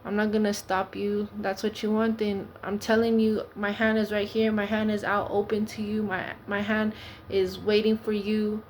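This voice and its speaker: A woman's voice: mid-range voice, level tone, normal speed, slight background noise. A woman preaching informally, pleading with the listener in an earnest, repetitive way.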